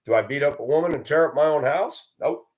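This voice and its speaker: A man's voice: a little high, fast, darkish tone. Blunt, profane man ranting. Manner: mocks others in a raised voice. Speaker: video host. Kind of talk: ranting monologue.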